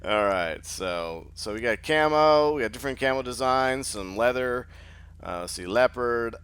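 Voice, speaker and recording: A man's voice: mid-range voice, expressive, normal speed, a bit bright, clear, resonant tone. A man hosting casual gameplay commentary, sleepy after just waking up, rambling and thinking aloud with lots of fillers. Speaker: gaming channel host.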